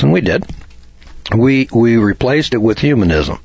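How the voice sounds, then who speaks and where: A man's voice: medium pitch, very animated, moderate pace, creaky, husky, dry recording. A man from the United States giving a folksy, argumentative lecture on law, acting out little dialogues as he goes. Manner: homespun, argumentative, acts out dialogue. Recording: dull dry lo-fi recording.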